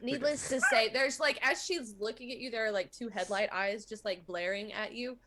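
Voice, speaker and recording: A woman playing a tabletop game, talking briskly with playful banter. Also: a little high, steady tone, a bit bright, slight background noise. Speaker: player. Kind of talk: casual tabletop role-play.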